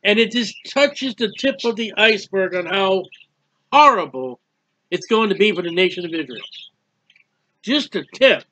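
A man with a high, bright, ringing voice teaching from the Bible in a loose, conversational way. He talks with emphasis and acts out the prayers and speeches he quotes. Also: lively intonation, moderate pace, long pauses, a little hiss or hum.

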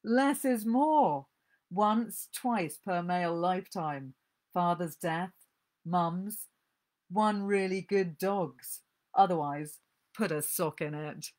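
A woman's voice: lowish voice, slow. A woman reading aloud the voice of a caustic, scornful middle-aged mother from a short story, with a dry, cutting delivery.

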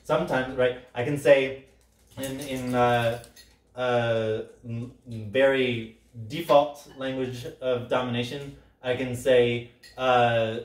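A workshop facilitator of Sicilian background leads his session in a mid-range voice at a measured pace. He talks casually and acts out quoted lines loudly and with a lot of energy, often tossing in "right?". The recording is roomy and picked up from a distance.

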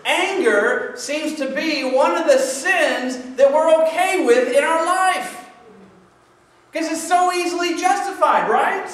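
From far off in an echoey church sanctuary, a pastor with a very high-pitched, fairly bright voice preaches a sermon. He is conversational and jokey, acting out the excuses people make.

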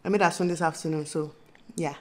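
A woman in her thirties with a Nigerian accent, chatting excitedly to camera in a casual vlog, bubbly and laughing often. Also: sits low, quick pace, a little hiss or hum. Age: 30s. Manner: bubbly, laughing, breaks into squeals. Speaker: vlogger.

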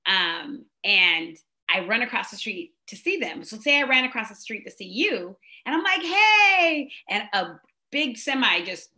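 A woman's voice: medium pitch, normal speed. A middle-aged woman hosting a casual conversation about parenting, telling stories and acting out the exchanges she quotes. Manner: animated storyteller, acts out quoted exchanges. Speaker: host.

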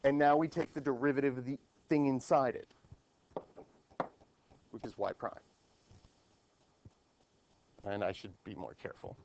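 A man's voice: medium pitch, animated, normal speed, vocal fry, a little mellow, dull audio, a little hiss or hum. A man teaching a math class at the board, explaining step by step and asking his students questions.

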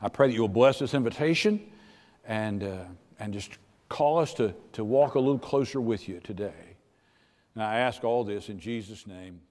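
A middle-aged pastor preaching a sermon in a plainspoken, folksy, earnest way, shifting between soft and loud. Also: male voice, fairly low pitch, moderate pace. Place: church sanctuary. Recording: church sanctuary with long reverb.

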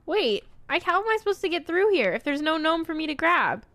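A young woman streaming a horror game, chatting playfully and cooing to an in-game companion, swinging from quiet muttering to excited squeals. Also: extremely high pitch, brisk. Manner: playful, talks baby-talk to a game companion. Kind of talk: casual gameplay commentary.

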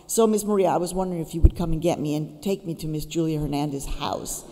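A man's voice: a little high, steady tone, fast talker, mellow, a little hiss or hum, lightly acted. A woman voicing a polite, eager Southern gay male hairdresser with a Southern accent, speaking deferentially on the phone, in a reverberant hall. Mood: pleading. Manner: polite, deferential, says "Miss". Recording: reverberant auditorium.

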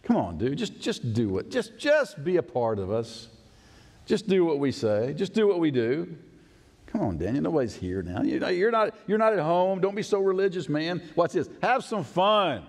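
A male preacher voicing pushy young male friends who casually coax and plead, in a high, lively voice with long church reverb. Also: moderate pace. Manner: coaxing, pleading, casual slang.

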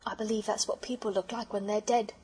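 A woman's voice: a little high, animated, moderate pace, fairly bright tone, husky, full character voice. A woman reading the lines of an impatient, fretful little girl with a complaining manner.

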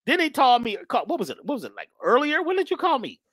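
A woman's voice: high-pitched, wildly swooping pitch, fast, no echo, studio quality. A woman giving an emphatic spiritual talk in a preachy manner, often repeating her phrases. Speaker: spiritual speaker.

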